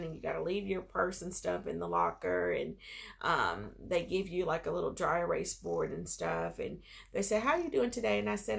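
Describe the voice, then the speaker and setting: A woman's voice: lowish voice, creaky. A woman in her thirties, a school nurse, telling her story in a casual vlog, upbeat and encouraging. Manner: excited bursts when retelling good news.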